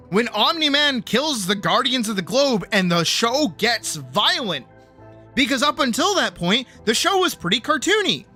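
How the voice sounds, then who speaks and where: Heated, profane streamer with a lively voice. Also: mid-range voice. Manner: profane, heated ranting that swings between mutters and shouts. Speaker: streamer and animator. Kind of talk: casual livestream rant.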